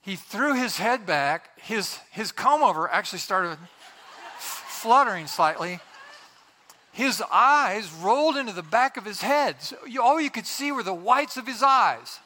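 Male preacher, middle-aged, high voice, animated storytelling, laughs often. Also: a little slow, a little hiss or hum. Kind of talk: sermon with a humorous story.

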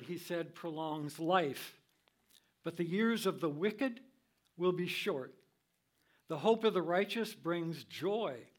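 An older man teaching from the Bible in a sermon style, reading scripture in a measured, deliberate way. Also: fairly high pitch.

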